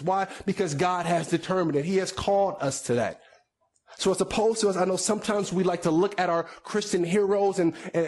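Man in the pulpit, somewhat high voice, chatty sermon with side notes. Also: darkish tone. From United States. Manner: conversational preaching with repetitions and asides. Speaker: pastor.

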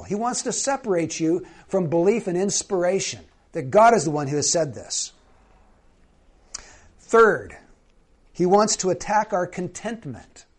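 High-voiced preacher asking the congregation questions. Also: male voice, slightly rough. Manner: conversational, asks the congregation questions. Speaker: pastor. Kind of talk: sermon.

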